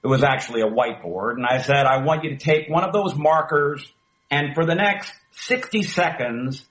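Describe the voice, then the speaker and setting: A middle-aged man, a former talk radio host, telling a story in an interview with emphatic, animated delivery. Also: fairly high pitch, moderate pace, low-quality recording. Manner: animated, emphatic storyteller who acts out quoted dialogue.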